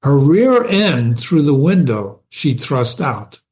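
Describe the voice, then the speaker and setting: A man reading a classic comic poem aloud, pausing to explain words and images to his listeners. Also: a little high, big pitch swings, darkish tone. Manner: slow, explaining asides to listeners. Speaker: reader of classic poetry.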